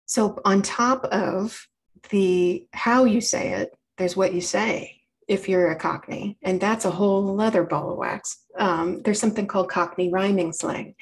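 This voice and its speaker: A woman's voice: mid-range voice, a little slow, low-quality recording. A woman presenting a public library talk, explaining things in a chatty way with wry asides.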